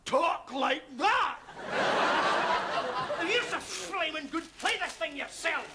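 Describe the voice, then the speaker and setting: An actor playing a touchy young doctor who gets indignant and defensive, in a 1970s TV sitcom. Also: male voice, very high voice, animated, takes it slowly, full character voice. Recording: noisy old TV sitcom soundtrack.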